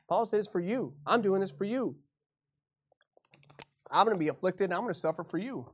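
A man preaching a sermon, swinging from quiet folksy asides to loud impassioned passages and acting out quoted voices. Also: high-pitched, lively intonation, fairly quick. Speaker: pastor.

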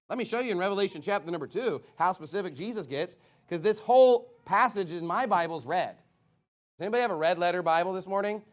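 Fiery high-voiced male preacher. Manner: emphatic, shouts key words, quick asides to the congregation. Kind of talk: fiery sermon. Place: church sanctuary.

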